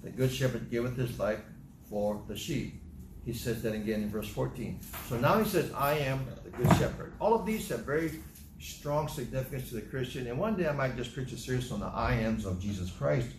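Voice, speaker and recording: A man's voice: animated, fairly quick. Guy preaching a sermon, leans hard on the verses, roomy echoey sound, little hiss behind. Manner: emphatic, rises in pitch on key scripture lines. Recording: echoey room with faint ambient noise.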